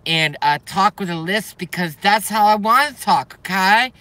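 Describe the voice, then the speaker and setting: A man's voice: high voice, expressive, moderate pace, bright, forceful tone. A man voicing a whiny, limp-wristed liberal caricature with a lisp and a put-on Southern drawl, sneering and profane. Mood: mocking.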